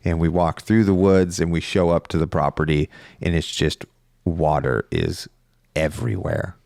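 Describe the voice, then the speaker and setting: A man's voice: extremely low pitch, expressive, normal speed, creaky, a little mellow, no room sound, studio quality. A young man, co-host of a podcast, chatting casually and telling a rambling story with frequent laughs. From Northern California. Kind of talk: casual chat.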